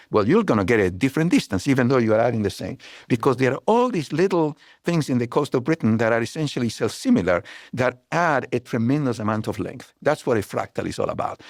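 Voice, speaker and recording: A man's voice: lowish voice, creaky, dry recording, studio quality. An older man, a scientist guest, explaining ideas in a digressive way and telling anecdotes. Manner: digressive, anecdotal, many restarts, animated storytelling. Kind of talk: relaxed explanatory interview talk.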